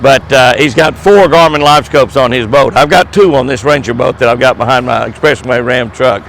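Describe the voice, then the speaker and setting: A man's voice: mid-range voice, brisk, gravelly, fairly bright tone, a little hiss or hum. An older man, hosting a folksy, chatty outdoor video chat beside his truck. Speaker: host.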